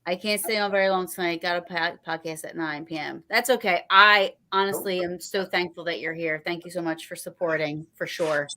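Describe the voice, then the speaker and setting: A woman hosts a loose, unscripted livestream conversation. She rambles, trails off and restarts her thoughts, leaning on filler phrases, in a slightly low voice. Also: fairly even intonation, brisk, hardly any pauses, sharp tone. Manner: rambling, full of "you know" and restarts. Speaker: host. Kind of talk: casual livestream chat.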